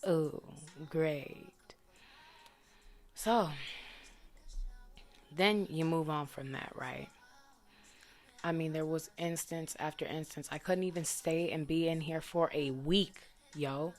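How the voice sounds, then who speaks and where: Blunt, low-voiced woman venting a story. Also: slow pace, pauses often, a little mellow. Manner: blunt, profane, frustrated storytelling; vents with indignant rhetorical questions. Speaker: vlogger. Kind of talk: casual storytime monologue.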